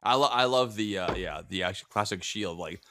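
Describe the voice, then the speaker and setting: A man's voice: lowish voice, fairly quick, pushed and bright, no room sound, studio quality. A man co-hosting a podcast, talking in a sarcastic, mocking way and swearing freely in casual chat. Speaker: podcast co-host.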